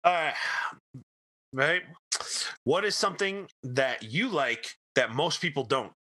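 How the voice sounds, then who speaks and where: A man's voice: on the high side, lively intonation, takes it slowly, sharp tone. A man hosting a casual podcast, asking questions and giving short replies. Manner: asks questions, brief backchannel replies. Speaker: podcast host. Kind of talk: casual chat.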